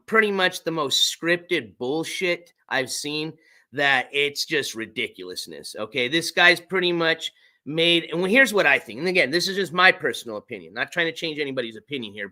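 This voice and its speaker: A man's voice: on the high side, pushed and bright. A man hosting a casual livestream chat, laid-back and rambling, swearing now and then. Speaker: streamer.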